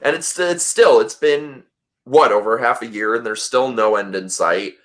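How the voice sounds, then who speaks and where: A man hosting a casual livestream chat, telling a story in an animated way and swearing freely. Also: medium pitch, moderate pace. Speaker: host.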